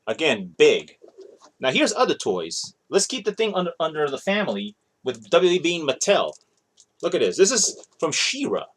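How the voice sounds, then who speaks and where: A man in his thirties, a toy collector vlogger, rambles casually through a show-and-tell of his toys, chatty and often correcting himself mid-sentence. His voice is fairly high and a bit bright, with a little hiss or hum.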